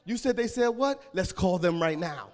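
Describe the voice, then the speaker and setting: High-voiced preacher man, aave, goes quiet then shouts, voice cracking, big echoey hall. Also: lively intonation, normal speed. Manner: preaching with call-and-response and sudden shouts. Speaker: pastor. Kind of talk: sermon.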